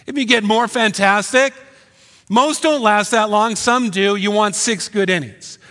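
A man preaching a sermon as pastor, animated and punchy, firing rhetorical questions at the congregation. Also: sits high, unhurried. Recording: long hall reverb.

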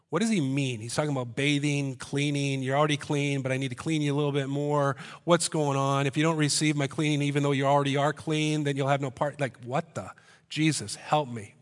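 A man preaching to a congregation in a fairly high voice, the sound ringing out with a long hall reverb. He keeps the sermon conversational, asking the room questions and dropping in quick jokes. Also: a bit bright. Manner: conversational, joking asides and rhetorical questions. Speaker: pastor. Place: church hall before a congregation.

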